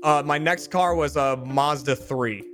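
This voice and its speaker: Male host, bright forward tone, slightly high, easygoing and quick to laugh. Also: soft background music. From Boston area, USA. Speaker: game host. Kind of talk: casual game show banter.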